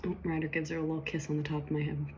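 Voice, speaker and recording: Young woman host, low-voiced, casual and self-deprecating. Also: flat delivery, very fast, mellow, slight background noise. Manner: chatty and self-mocking, laughs often. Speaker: host rereading her old story. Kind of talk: casual commentary on her own writing.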